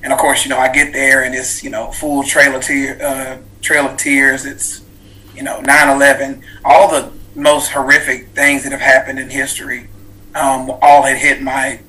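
A man's voice: medium pitch, monotone, moderate pace, sharp tone, rough recording. A man in his thirties, a guest author, telling a personal story in an interview, earnest and reflective, with many fillers and restarts. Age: 30s.

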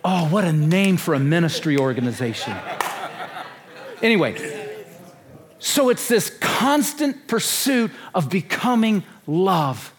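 Emphatic man in his sixties preaching, high voice. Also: big pitch swings, takes it slowly. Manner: emphatic and repetitive, with rhetorical questions. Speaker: conference speaker. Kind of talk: sermon.

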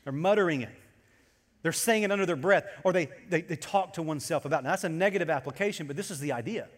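A man preaching a sermon to his congregation as pastor, animated and storytelling as he goes. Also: a little high, fast, big-room sound.

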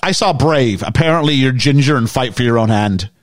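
Rambling man with a lively voice. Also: medium pitch, fairly quick, dry recording, clean studio sound. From United Kingdom. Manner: rambling, jokey, many fillers. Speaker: podcast host. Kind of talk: casual movie discussion.

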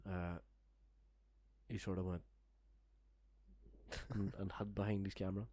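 A man's voice: low voice, flat delivery, measured pace, dark tone. A young man telling a long, rambling, sweary story in casual chat, laughing as he goes. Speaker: storyteller guest. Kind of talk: casual podcast anecdote.

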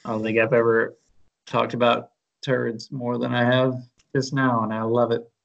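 A man with a middle-pitched voice co-hosts a casual podcast. He jokes loosely and swears freely. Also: level tone, moderate pace, creaky, dull audio. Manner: joking, crude. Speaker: podcast co-host.

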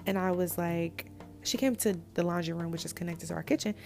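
A woman's voice: lowish voice, a little fast, gravelly, faint music behind. A young woman telling a story in a casual, candid way, with blunt slang, talking straight to her listeners. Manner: animated and candid, addresses listeners as "y'all"; blunt slang-heavy speech.

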